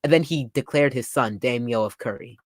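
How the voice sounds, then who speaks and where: A man's voice: medium pitch, brisk, dry recording. Young guy doing a casual comic reaction, hyped and chatty, dry close sound. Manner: excitable, summarizing panels with frequent "like". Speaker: manga reaction youtuber. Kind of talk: casual live reading and reaction.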